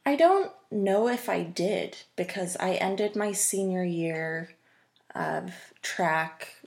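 Young woman, low voice, gravelly fry, casual podcast guest, halting and rambly. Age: 20s. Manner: rambling, with many ums and restarts. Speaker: guest runner. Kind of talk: casual interview chat.

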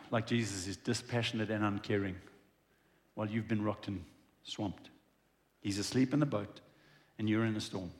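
A man preaching a conversational sermon in a church, acting out dialogue as he goes. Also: fairly low pitch. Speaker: pastor.

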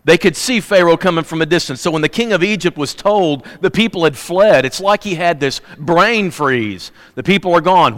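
An emphatic, folksy man preaches in a church, swinging from loud, punchy bursts to low, quiet asides. His voice sits fairly high for a man. A long hall reverb trails after each phrase. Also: lively intonation, normal speed, hardly any pauses. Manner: folksy, humorous. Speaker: pastor. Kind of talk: sermon.

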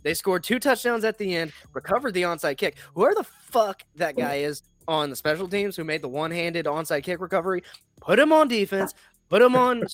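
A man's voice: fairly high pitch, brisk, hardly any pauses, fairly bright tone, no room sound, faint music behind. A young man hosting a casual sports podcast, talking in a blunt, profane, rambling way. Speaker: podcast host.

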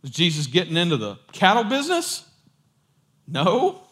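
A man preaching a sermon in a casual, animated storytelling way. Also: high-pitched, moderate pace, slightly rough.

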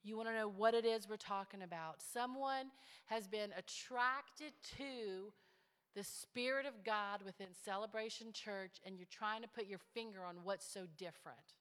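Woman pastor, sermon, bright and slightly high, hushed asides building to stirring appeals, roomy hall reverb. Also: measured pace, clean tone. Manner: swings from hushed, intimate asides to rising, building exhortation. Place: large church sanctuary. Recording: long church hall reverb.

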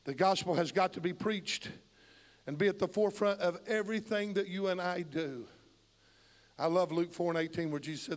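A man preaching a fiery sermon, asking the congregation questions and swinging from low murmurs to shouted peaks. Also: normal speed. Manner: impassioned, rhetorical questions to the congregation. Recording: long hall reverb.

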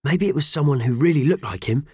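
A worried little male mouse, as a male reader puts him on whispers in a high, muffled, husky squeak, in a dry storybook reading. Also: animated, fast talker, darkish tone, no room sound. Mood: hushed worry.

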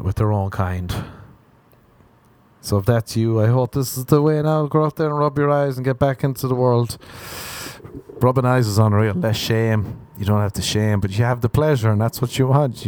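Mellow-voiced man rambling crude podcast jokes. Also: on the low side. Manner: crude, meandering, chuckles at own jokes. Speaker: podcast host. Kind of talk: rambling solo comedy podcast monologue.

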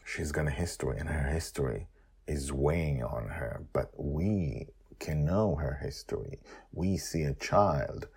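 Male storyteller, husky and deep, lively delivery, reads his own serial and comments on it. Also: a little slow. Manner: animated, jumps to high excited character voices. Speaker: author and narrator. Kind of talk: storytelling narration with character voices and commentary.

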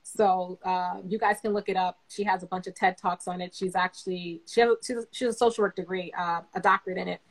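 Relaxed woman giving casual advice. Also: lowish voice, a little fast, few pauses, poor audio. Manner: relaxed, conversational, many fillers. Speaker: guest therapist.

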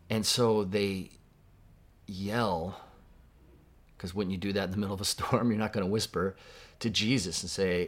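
A man preaching a sermon in a conversational way, asking his listeners questions. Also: deep voice. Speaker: pastor.

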